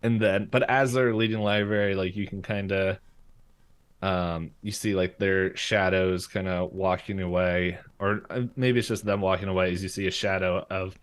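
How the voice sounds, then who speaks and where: A man with a fairly low voice chats through an episode recap as a podcast co-host. He rambles loosely, stacking fillers and small laughs as he goes. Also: fairly even intonation, normal speed, smooth. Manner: rambling, full of fillers and giggles. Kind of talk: casual episode recap chat.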